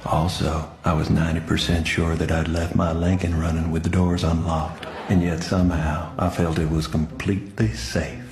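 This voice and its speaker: Man doing a rumbling deadpan narrator. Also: moderate pace, hardly any pauses. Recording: echoey voice-over.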